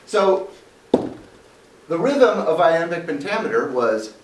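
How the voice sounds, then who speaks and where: A man's voice: on the high side, very animated, takes it slowly. Guy lecturing his class, asks them questions, distant mic, roomy sound. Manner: explains step by step, quizzing the class. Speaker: teacher. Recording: roomy classroom, mic far off, faint background noise.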